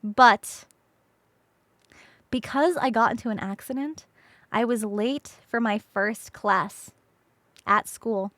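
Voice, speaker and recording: A woman's voice: a little high, takes it slowly, long pauses, fairly bright tone, dry recording. A young woman streamer telling a story casually to her chat, laughing often and swearing freely.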